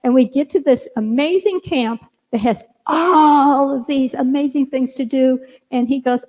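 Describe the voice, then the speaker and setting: An older woman minister tells a story from the pulpit, animated and acting out the back-and-forth of a conversation. Her voice sits a little high. The sound trails off into the long reverb of a church hall. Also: a little slow, hardly any pauses. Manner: animated, acts out both sides of conversations. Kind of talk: sermon storytelling. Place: church sanctuary.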